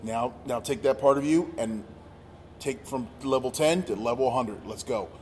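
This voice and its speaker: A man telling a story in casual chat, acting out quotes with animated energy. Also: medium pitch, normal speed. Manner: animated, acts out quotes loudly. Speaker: podcast guest, former wrestler. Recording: roomy with long reverb and faint noise.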